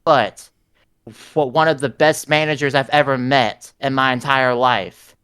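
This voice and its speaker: A man's voice: mid-range voice, steady tone, a little slow, fairly bright tone, clean tone, close to an everyday voice. A man playing a proud veteran wrestler giving a promo. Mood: earnest. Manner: earnest in-character promo speech.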